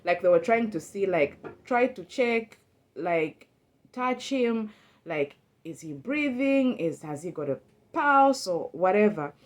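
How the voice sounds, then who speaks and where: Woman, mid-pitch, very lively intonation, casual emotional storyteller who stumbles and repeats herself. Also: takes it slowly. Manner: animated and emotional, repeats words, restarts often; acts out her own past thoughts in a livelier voice. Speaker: storyteller recounting a personal experience.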